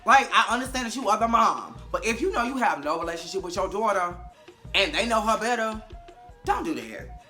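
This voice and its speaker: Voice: medium pitch, very animated, a little fast, pushed and bright, faint music behind. A vlogger doing a casual, sassy and profane recap of a TV episode, acting out the characters' lines.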